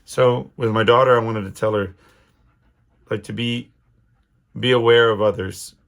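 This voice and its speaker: A man's voice: fairly low pitch, fairly even intonation, a little slow, fairly bright tone. A middle-aged man hosting his own podcast, talking alone in a casual, rambling way with lots of restarts and fillers. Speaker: podcast host. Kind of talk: casual solo monologue.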